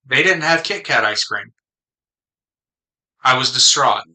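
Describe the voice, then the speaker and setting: A man's voice: medium pitch, lively intonation, unhurried, sharp tone, poor audio. A man co-hosting a podcast in casual, laid-back, jokey chat. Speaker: podcast co-host.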